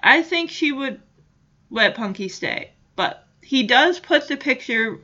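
A woman's voice: high-pitched, lively intonation, takes it slowly, sharp tone, dull audio. A woman hosting a podcast, chatting casually through a recap with many "you know" fillers. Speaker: podcast host.

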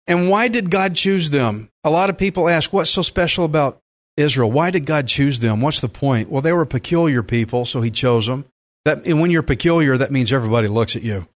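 A man preaching a sermon as pastor, animated, with sudden loud bursts of emphasis, acting out imagined prayers and objections in quoted voices. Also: fairly high pitch, a little fast.

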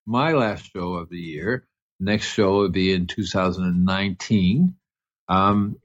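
A man's voice: fairly low pitch, lo-fi sound. A man hosting a casual gardening radio show, rambling with many fillers and restarts over music. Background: music under the voice.

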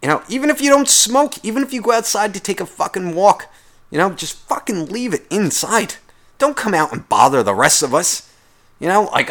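A man's voice: sits high, sing-song, moderate pace, a bit bright. Profane, sarcastic man ranting. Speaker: podcast host. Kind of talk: comedic rant.

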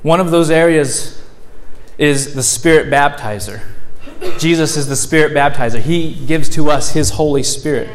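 Pastor preaching, loud then soft. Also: male voice, on the high side, normal speed. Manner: shifts between loud preaching and soft, gentle delivery. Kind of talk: sermon. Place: church sanctuary.

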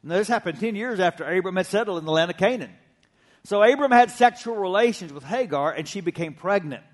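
A man's voice: high voice, lively intonation, a little fast. A middle-aged man preaching a sermon to his congregation, telling stories with conversational humor. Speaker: pastor. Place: church sanctuary.

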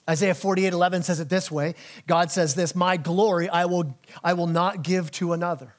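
A male pastor preaching a sermon, animated, acting out biblical figures in casual modern speech and dropping low and slow on key lines.

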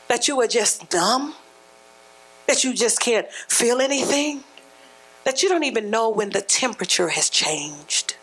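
A woman preacher delivering an emphatic, conversational sermon that rises to shouts at times. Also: high voice, husky, rough recording.

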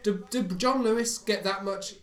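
A man's voice: sits high, moderate pace. A man co-hosting a podcast, chatting casually with playful, opinionated banter. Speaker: podcast co-host. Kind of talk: casual chat. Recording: echoey room with faint music.

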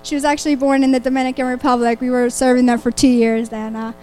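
A woman's voice: high-pitched, flat delivery, fast talker, dark tone, soft background music. A woman from Mexico and Colombia introducing her family to a church congregation in a friendly, brief way. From born in Mexico, grew up in Colombia. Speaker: missionary's wife.

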